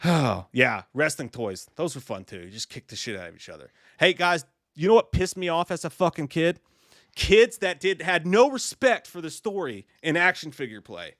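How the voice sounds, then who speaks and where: A man's voice: mid-range voice, big pitch swings, a little fast, fairly bright tone, no echo. Guy hosting a live stream, swears a lot, rambles, makes fun of himself, dry close sound. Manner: profane, rambling, self-deprecating. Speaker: co-host of a movie live stream. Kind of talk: casual live-stream chat.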